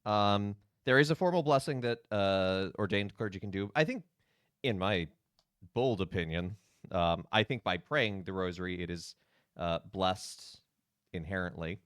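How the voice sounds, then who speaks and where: A man's voice: low voice, measured pace, fairly bright tone, clean tone, no room sound, studio quality. A man, a priest, giving casual, rambling commentary while streaming a video game, with many fillers.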